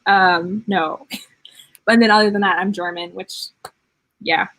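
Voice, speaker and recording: A woman's voice: medium pitch, fairly even intonation, slow pace, a bit bright, no echo, poor audio. A woman from Michigan with a mixed Southern North Carolina and Midwestern accent, rambling in a self-deprecating, casual chat on a writing livestream. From Michigan, USA.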